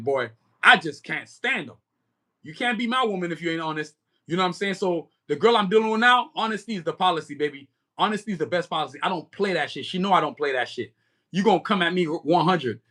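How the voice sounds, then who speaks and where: A man with a high, bright voice and an American accent tinged with Nigerian hosts a casual livestream chat. He also creates comics, and his talk is slangy and meandering, peppered again and again with "you know what I'm saying."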